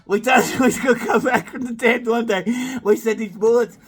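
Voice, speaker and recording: A man's voice: extremely high pitch, steady tone, brisk. A man in a rambling self-filmed monologue, boastful, swearing freely and breaking into laughter between phrases.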